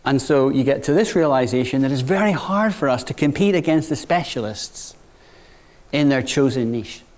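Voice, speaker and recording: A middle-aged man giving a business talk to new graduates, conversational, often checking in with "right?" and dropping quiet for anecdotes. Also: medium pitch, expressive, moderate pace. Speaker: bank executive speaking to graduates.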